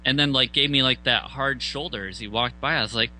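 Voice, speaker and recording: A man casually telling a band story, swearing often and acting out loud outbursts. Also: medium pitch, brisk, few pauses, low-quality recording. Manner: profane, animated retelling with loud mock outbursts.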